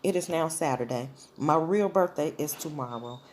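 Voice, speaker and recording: A woman's voice: low-pitched, moderate pace, darkish tone, a little hiss or hum. A woman vlogger telling a personal story in a blunt, profane, casual way.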